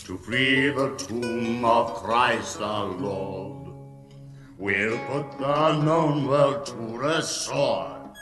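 Minstrel singing real slow, big echoey hall, lute. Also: male voice, mid-range voice, over music. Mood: solemn. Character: medieval male minstrel singing a crusade song. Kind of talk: sung with lute.

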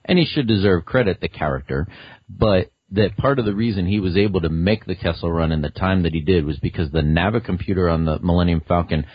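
A man guesting on a casual podcast, enthusiastic and rambling, quick to laugh. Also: low voice, breathy edge, no room sound, lo-fi sound.

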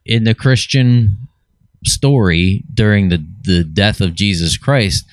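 Brief: forties man, low voice, dry close sound, casual film chat. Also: slow pace, no room sound. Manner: enthusiastic, rambling with restarts. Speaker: podcast co-host. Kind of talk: casual chat about films.

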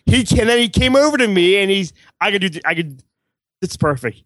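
A man's voice: sits high, lively intonation, a little fast, a bit bright, no echo. A man co-hosting a podcast in casual chat over a video call, rambling and repeating himself, with some swearing. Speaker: podcast co-host.

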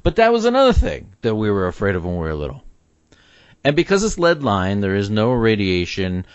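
A lower-voiced man talks through a film scene with lively, swinging delivery and strong opinions. The sound is dry and a little dull, with no room around it. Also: fairly quick, clean tone, no room sound. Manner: opinionated, animated, laughs often. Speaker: podcast co-host. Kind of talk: casual chat about a film.

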